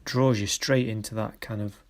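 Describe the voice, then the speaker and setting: In a photography workshop, a man hesitantly encourages students about their shots, with many pauses breaking up his words. He speaks in a lowish voice, his intonation mostly level.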